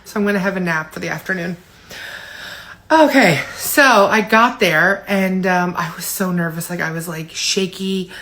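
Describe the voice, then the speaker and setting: A woman's voice: lowish voice, normal speed, a bit bright. A woman in her forties, tired, telling a rambling, candid story in a casual personal vlog from home, full of fillers. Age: 40s. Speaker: vlogger.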